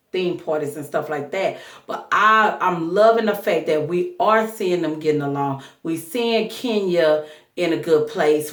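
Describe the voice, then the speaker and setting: Woman vlogger with a low voice and a choked-up throat, gossipy recap, echoey room, a bit off-mic. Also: recorded from a distance. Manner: chatty, gossipy and candid. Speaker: reality TV reviewer. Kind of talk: casual recap vlog.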